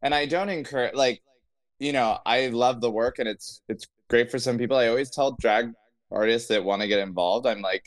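A man's voice: medium pitch, moderate pace, no echo. A man who is a drag performer, a guest on a podcast, talking earnestly in a rambling way with many restarts. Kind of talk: casual interview chat.

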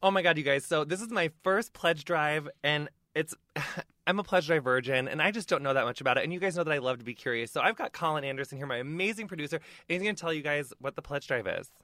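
A man's voice: on the high side, quick pace, sharp tone, dry recording, studio quality. A male podcast host chatting in a playful, campy way, calling listeners honey. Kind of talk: casual podcast chat.

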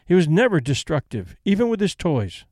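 This is a reserved middle-aged companion in a storybook reading, quiet and restrained, as a man reads her. She speaks plainly and dutifully in a slightly high voice. The recording is dry and close. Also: sing-song, normal speed, no echo.

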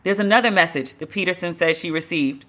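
A woman's voice: lowish voice, a little fast. A woman hosting a solo podcast, talking bluntly and sarcastically with plenty of cussing. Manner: blunt, sarcastic, animated, cusses freely. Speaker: podcast host. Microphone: studio podcast microphone.

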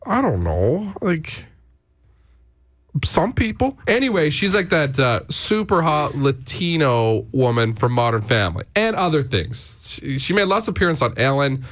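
A man's voice: fairly high pitch, unhurried. A man hosting a morning radio show, chatting casually and joking with a co-host and callers. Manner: jokey, animated, puts on silly accents.

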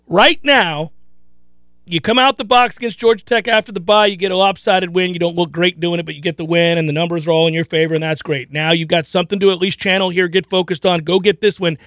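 Talking at a quick pace, a high-voiced sports radio host keeps things casual and excited, laughing often and repeating himself. The audio is dry and close, picked up straight from a studio microphone.

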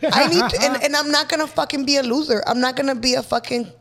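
A young woman from Los Angeles, a guest in a casual interview, tells her stories with restless energy in a fairly high voice. She swears freely and drops words from a second language into her talk. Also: quick pace, fairly bright tone. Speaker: guest artist.

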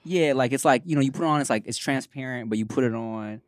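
Man with a Los Angeles accent, co-hosting a casual podcast chat, slangy and easygoing. His mid-pitched voice is close and dry, with no room sound. He laughs often between points. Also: fast, no echo. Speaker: podcast co-host.

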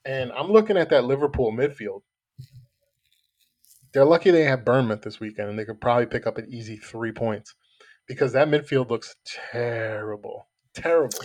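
A man co-hosting a casual soccer podcast, giving animated, profane opinions. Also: mid-range voice, normal speed. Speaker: podcast co-host. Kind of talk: casual sports podcast chat.

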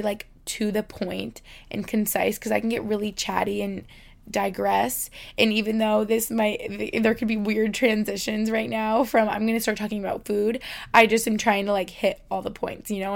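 A woman's voice: medium pitch, vocal fry. A young woman hosting a podcast alone, chatty and heartfelt, talking with many "like" fillers and close to tears at times. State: on the verge of tears. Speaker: podcast host. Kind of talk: casual solo podcast talk.

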